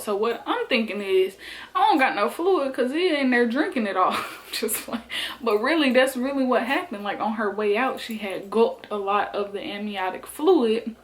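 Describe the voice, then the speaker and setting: A young woman speaks into her camera in a casual storytime. She is chatty and animated, peppering her talk with "like" and "y'all". She sounds relaxed and conversational. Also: mid-range voice, slight background noise, poor audio. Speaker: vlogger.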